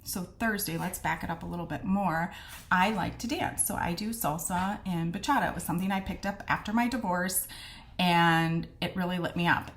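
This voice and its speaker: A middle-aged woman, a midwife, telling her story casually and candidly, acting out the things people said to her. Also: fairly low pitch. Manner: candid and animated, acts out quoted exchanges.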